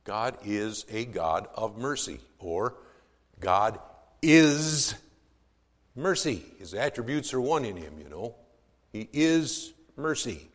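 A male pastor delivers a sermon at a slow, deliberate pace. His pitch rises and falls widely as he drops to near-whispers and then climbs to loud, emphatic proclamations. The voice rings out with a long hall reverb. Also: animated. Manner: dramatic swings from hushed to loud emphasis.

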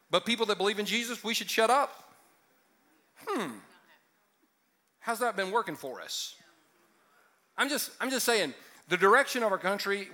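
A man's voice: sits high, sharp tone. A man in his fifties preaching a sermon to a church audience, conversational and emphatic, mixing jokes with serious points. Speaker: pastor.

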